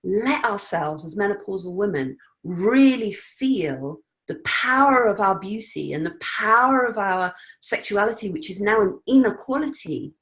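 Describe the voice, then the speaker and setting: A woman speaking as an interview guest, earnest and reflective, at times animated and laughing. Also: medium pitch, a little slow, few pauses. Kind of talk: conversational interview.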